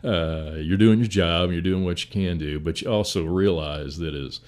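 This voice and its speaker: Older man, extremely low voice, calm steady rambling, fire chief. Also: moderate pace. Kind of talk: casual interview storytelling.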